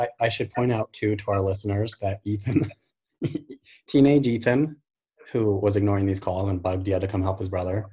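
A podcast host with a low, husky voice. He breaks in with jokes and laughs often in casual chat with his guest. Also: mellow.

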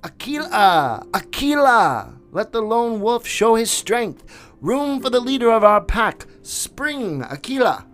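A man voicing a pack of young wolves, shouting high and drawn out in a storybook reading. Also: big pitch swings, slow pace, heavily acted. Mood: baying.

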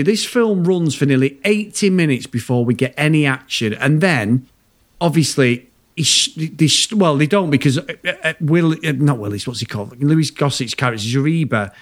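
A man's voice: on the high side, expressive, moderate pace. A man co-hosting a podcast, ranting about a film in casual, sweary, exasperated chat. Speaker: podcast co-host.

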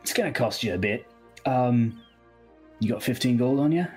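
A man's voice: medium pitch, expressive, a little mellow, husky, faint music behind. A man voicing a sly old half-orc bookseller. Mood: bargaining. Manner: quick, sly shopkeeper patter. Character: older skinny male half-orc bookshop keeper, wary. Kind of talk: tabletop role-play character voice.

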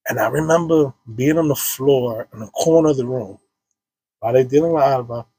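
A man's voice: medium pitch, a little fast, dark tone, slightly rough. A man in his thirties, a podcast guest, telling an emotional personal story in casual slang full of restarts and fillers.

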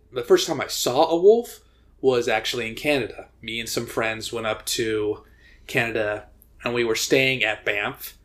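Rambling casual podcast guy. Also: medium pitch. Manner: rambling storyteller, many fillers and restarts. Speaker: podcast co-host. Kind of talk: casual chat.

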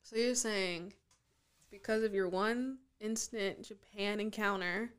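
A woman's voice: mid-range voice, steady tone, a little slow, a bit bright, smooth. Opinionated woman in casual chat. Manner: opinionated, teasing, talks over her partner.

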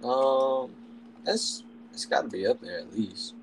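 A man's voice: mid-range voice, slow, slight background noise, poor audio. A man in casual chat, giving brief agreeing responses.

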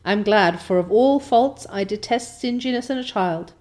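A woman's voice: mid-range voice, moderate pace, a little mellow, lightly acted. A woman reading aloud as a strict older spinster guardian who talks in a clipped, scolding way. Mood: grudging.

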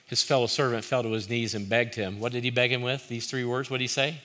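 Bright-voiced man preaching earnestly. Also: mid-range voice, level tone, quick pace. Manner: earnest, rising to forceful emphasis, dropping to hushed pleading in quotes. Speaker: pastor. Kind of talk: sermon.

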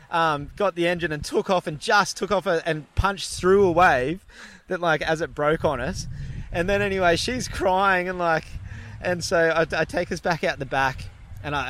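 An animated young man spinning a yarn, his voice sitting a bit high for a man. He swears freely and laughs his way through the telling, in a loose, casual chat. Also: slight background noise. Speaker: guest telling a story. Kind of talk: casual storytelling.

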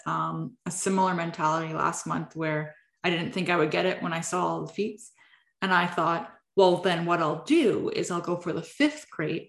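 A woman's voice: lowish voice, gravelly, fairly bright tone, roomy sound. A woman on a podcast, chatting agreeably and giving frequent mm-hmms. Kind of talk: casual chat.

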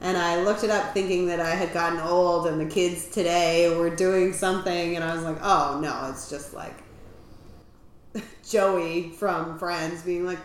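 Woman co-host, lower voice, animated and profane, heavy room echo. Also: normal speed. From Canada. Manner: animated, swears, laughs easily. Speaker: podcast co-host. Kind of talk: casual chat. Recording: very echoey room, faint noise.

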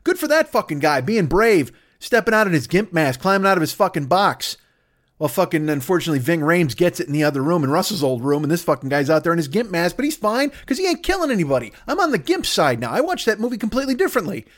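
A man hosting his own comedy podcast, rattling off a profane, rambling rant at a rapid clip. His voice sits somewhat high for a man. He sounds exasperated as he swears his way through each tangent. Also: sing-song, fairly bright tone. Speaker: podcast host.

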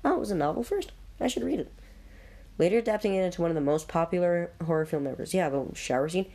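Casual vlogger voice, mid pitch, reads a list and reacts, trips over names, blurts stuff out. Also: animated, fast, warm tone. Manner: chatty, stumbles over names. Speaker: video host.

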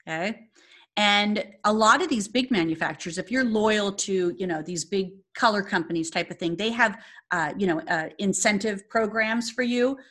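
A woman coaching salon owners, her voice sitting at an ordinary middle pitch. She speaks in a direct, emphatic way and keeps checking in with her listeners. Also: a bit bright.

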